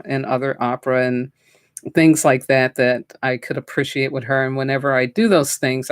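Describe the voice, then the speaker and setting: Woman host, spiritual teacher; slow, heartfelt storytelling and prayer; dry, close sound. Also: rumbling low, dry recording.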